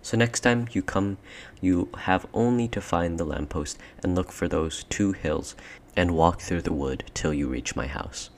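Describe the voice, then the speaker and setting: A man's voice: low voice, a little slow, few pauses, a little hiss or hum. A man reading an audiobook, voicing a regal queen who coaxes and commands. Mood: coaxing. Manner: sweet-talking, persuasive, commanding. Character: cold, coaxing queen, tall and regal. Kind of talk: audiobook character voice.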